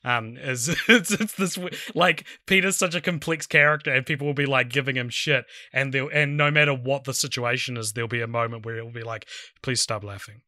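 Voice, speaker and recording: A man co-hosting a film podcast in casual chat, laughing often and restarting his sentences as he swings between loud and quiet. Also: medium pitch, steady tone, a little fast, hardly any pauses, no room sound, studio quality. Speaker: podcast co-host.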